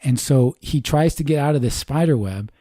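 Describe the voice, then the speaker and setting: A man's voice: medium pitch, moderate pace, no room sound, studio quality. A man co-hosting a casual podcast, retelling a movie scene by scene and throwing in "dude" a lot. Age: adult parent. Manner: animated storyteller, says "dude" a lot. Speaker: podcast co-host.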